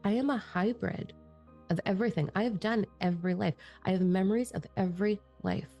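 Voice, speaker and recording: A woman's voice: mid-range voice, brisk, warm tone, faint music behind. A middle-aged woman, a spiritual teacher and channeler, talking in a blunt, profane, fired-up monologue.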